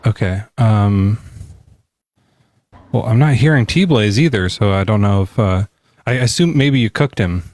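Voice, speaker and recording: A man hosting a live call-in podcast who chats in a relaxed, rambling way, with laughs and fillers. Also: lowish voice, measured pace, pauses often. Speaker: podcast host. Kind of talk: casual live-stream chat.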